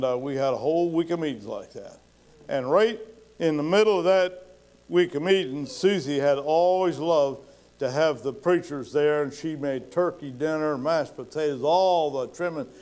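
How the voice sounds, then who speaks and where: A male pastor with a slightly high, somewhat mellow voice tells stories in a folksy sermon style. He acts out the voices of the people he quotes, building intensity as he goes.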